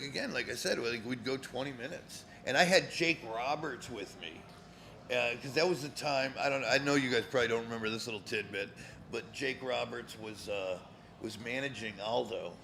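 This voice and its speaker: Guesting on a live show from a cigar lounge, a former pro wrestler in his fifties from Connecticut, USA, rambles through casual stories, swearing and using lots of fillers. His medium-pitched voice sounds creaky, pushed and bright at normal speed, with a little hiss or hum.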